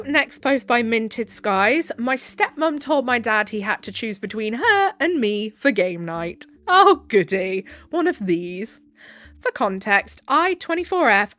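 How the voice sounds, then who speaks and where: A woman's voice: medium pitch, fairly bright tone, no echo. A woman narrating online stories aloud, breaking in with sarcastic asides and frequent laughter. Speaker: story narrator. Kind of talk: reading online stories with commentary.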